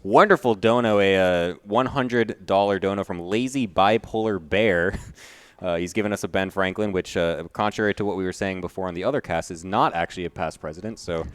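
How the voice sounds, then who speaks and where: A man's voice: deep voice, brisk, no echo. A man casting a live esports stream at a LAN event, chatting casually and thanking donors. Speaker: esports caster.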